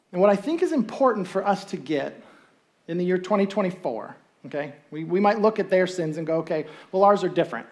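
Speaking at a medium pitch with a somewhat dark tone, a pastor gives a laid-back, conversational sermon in a church sanctuary. He briefly imitates the people in his story and keeps checking in with listeners by posing rhetorical questions.

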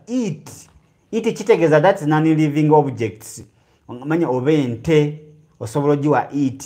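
A man with a Ugandan accent preaching a teaching sermon, drawing out key phrases slowly and then rushing ahead. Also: medium pitch, darkish tone.

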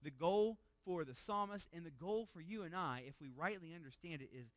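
Higher-pitched pastor preaching a sermon. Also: male voice, lively intonation, fairly quick, no room sound. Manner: conversational, repeats words, asks the room questions; swings from loud emphasis to hushed low tones.

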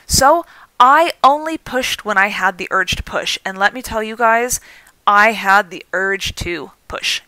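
A woman's voice: mid-range voice, smooth, no room sound, rough recording. A woman in her thirties with an American accent, hosting a podcast and candidly retelling a personal story. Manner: candid, animated retelling with self-deprecating laughs. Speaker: podcast host.

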